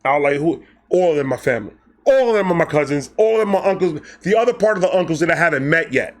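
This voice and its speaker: A man from Brooklyn tells a story. His voice sits a bit high, and he talks in a loose, profane, animated way, switching into voices for the people he quotes. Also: fast. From Brooklyn, New York. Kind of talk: casual storytelling.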